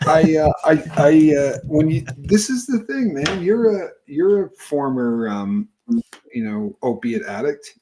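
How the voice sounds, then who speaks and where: A man's voice: a little high, very animated, background noise. Rambling man hosting a live chat. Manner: rambling, halting, many fillers and restarts. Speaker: podcast host.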